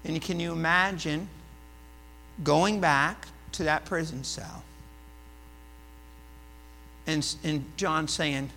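A male pastor giving a conversational sermon, telling stories and swinging between hushed asides and loud emphatic points. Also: fairly high pitch, takes it slowly, gravelly, long pauses. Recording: reverberant hall with mains hum.

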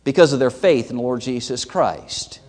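A man preaching a sermon as pastor, swinging between loud emphatic peaks and low, quiet drops. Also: moderate pace. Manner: emphatic preaching with sweeping pitch and loudness swings. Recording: long hall reverb.

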